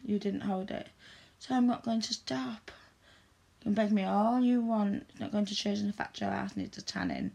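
A woman's voice: mid-range voice, creaky, mellow, breathy edge. A woman performing an adult audio role-play in a stern, teasing, commanding manner.

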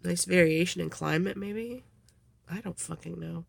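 A woman's voice: lowish voice, moderate pace, gravelly, breathy edge, no echo. A woman doing a casual questionnaire vlog, rambling with lots of ums and giggles, a little sniffly. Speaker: vlogger.

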